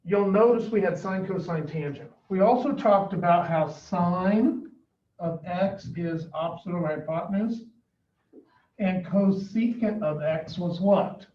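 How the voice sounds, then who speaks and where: Male math teacher, higher voice, questioning and coaxing, heard from across an echoey room. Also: a little slow. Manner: questioning, coaxing students for answers. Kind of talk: classroom lesson. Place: classroom. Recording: echoey, distant, dull classroom recording.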